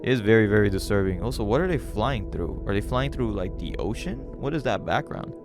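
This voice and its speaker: A man hosting a casual reading of a web comic, relaxed and chatty, with frequent fillers as he comments. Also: lowish voice, a little fast, music in the background.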